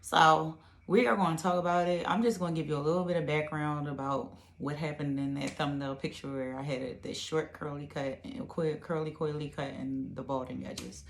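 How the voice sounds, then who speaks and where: A woman with a very low voice talks casually to the camera in an echoey room at home. She rambles and fills her speech with "like" and "you know.". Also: steady tone, moderate pace, creaky, few pauses, slight background noise. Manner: chatty and rambling, many fillers. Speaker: vlogger.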